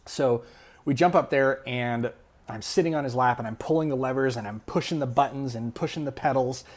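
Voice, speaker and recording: Animated man telling a story. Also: medium pitch, brisk. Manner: animated, many filler words. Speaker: vlogger. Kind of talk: casual storytelling vlog.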